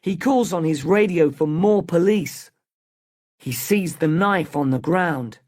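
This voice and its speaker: Narrator: a man reading a learners' storybook, slow and careful. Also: a little high, animated, darkish tone. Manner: slow, careful, clearly spoken.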